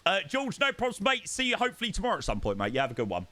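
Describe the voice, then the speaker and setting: A man's voice: high-pitched, wildly swooping pitch, very fast, bright, forceful tone, no room sound. A young man, chatting casually with viewers on a live stream and thanking them by name.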